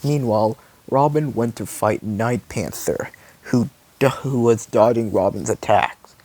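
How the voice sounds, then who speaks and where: A man casually reading his own fan story aloud, halting and adding asides. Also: fairly low pitch, darkish tone.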